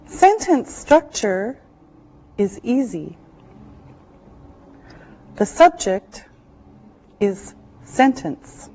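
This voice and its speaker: A woman teaching an English class, speaking slowly and deliberately and drawing out words for her learners. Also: a little high, big pitch swings, mellow. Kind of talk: slow classroom instruction. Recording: dull lo-fi classroom recording.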